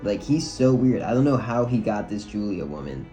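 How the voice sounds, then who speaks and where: A man's voice: on the low side, very animated, moderate pace, dark tone, faint music behind. A man giving a casual video review of a film, talking loosely and frankly with lots of "like" and some swearing. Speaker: movie reviewer.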